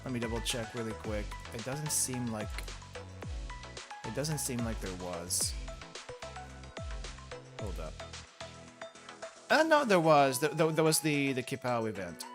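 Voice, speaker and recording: Game music plays behind a young streamer's casual commentary, which rambles, self-corrects and breaks into frequent laughs. His mid-range voice is sing-song and measured, with long pauses.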